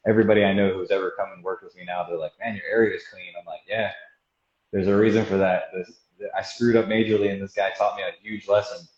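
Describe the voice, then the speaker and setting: A man's voice: deep voice, a little mellow. A man, a guest auto body technician, telling stories from the shop in a casual, rambling way and laughing often. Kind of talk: casual storytelling chat. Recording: roomy, dull lo-fi sound.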